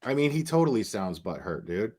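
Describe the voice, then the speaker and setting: A man's voice: fairly low pitch, big pitch swings, brisk, a little mellow. A man hosting a stream, reacting to clips with sarcastic, profane commentary. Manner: sarcastic, mocking, swears a lot.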